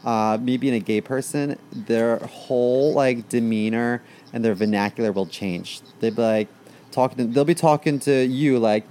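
A man's voice: mid-range voice, moderate pace, mellow, a little hiss or hum. A young man co-hosting a comedy podcast, chatting casually with lots of ums and likes. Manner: chatty, filler-heavy, laughs while talking. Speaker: podcast co-host.

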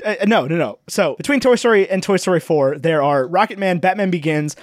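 A man's voice: high-pitched, expressive, a little fast. A man co-hosting a casual film-ranking chat, teasing his co-host in a dry way and leading the discussion. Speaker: podcast co-host.

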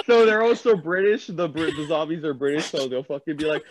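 A man's voice: fairly high pitch, expressive, fairly quick, crowd noise. A young man in casual podcast chat, rambling, swearing often and laughing. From United States. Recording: dull dry lo-fi recording.

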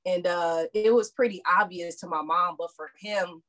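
Guest: woman with a lower voice, easygoing and steady as she tells her story. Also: moderate pace. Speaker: podcast guest. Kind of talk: casual storytelling.

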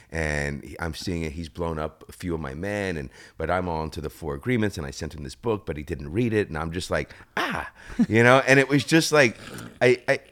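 A man in his fifties from the United States, a guest actor telling animated stories in a casual interview and swearing freely. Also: extremely low pitch. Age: 50s.

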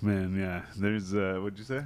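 Laid-back low-voiced man hosting a chat. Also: fairly even intonation, normal speed, darkish tone. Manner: laid-back, swears freely, tells street stories. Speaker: podcast host. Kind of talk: casual chat.

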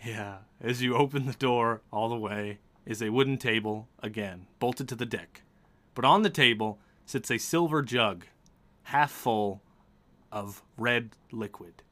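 A man running a tabletop game as game master, describing the scene in a measured, descriptive way. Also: mid-range voice, bright, forceful tone.

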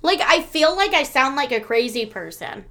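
A young adult woman co-hosting a casual podcast chat, rambling with lots of fillers, dropping quiet and then getting loud. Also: high voice, very animated, normal speed. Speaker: podcast co-host.

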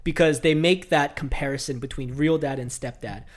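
Animated host leading a podcast recap. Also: mid-range voice, normal speed. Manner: leads the discussion, animated, recaps scenes and quotes characters. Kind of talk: casual podcast chat.

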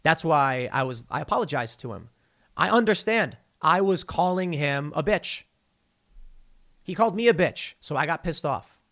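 A male podcast host giving a heated monologue, animated and stammering often as he restarts his sentences. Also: on the high side, normal speed. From United States.

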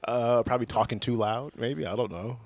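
A man's voice: medium pitch, fairly quick, a little mellow. Joking laid-back male podcast host. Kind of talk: casual gaming podcast chat.

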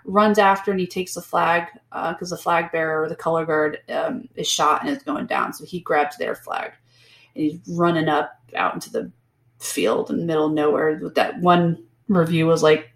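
A woman's voice: deep voice, steady tone, normal speed, creaky. Chatty woman in an echoey room. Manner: chatty, peppered with "like", acts out characters. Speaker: podcast co-host. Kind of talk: casual book-club chat.

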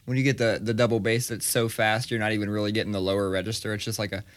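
A man in his thirties co-hosting a podcast in casual chat, loose and swearing, with quick asides. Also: fairly low pitch, little pitch movement. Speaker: podcast co-host. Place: small studio. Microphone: studio microphone.

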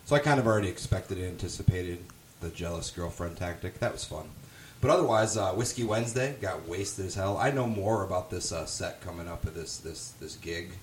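Young male podcast guest, very low voice, loose profane storyteller, faint background noise. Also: brisk. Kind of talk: casual chat.

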